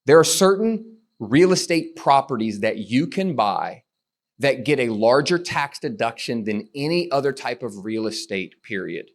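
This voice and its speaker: A man giving a motivational presentation on real estate tax strategy, with a punchy, emphatic, rapid-fire delivery. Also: mid-range voice, lively intonation.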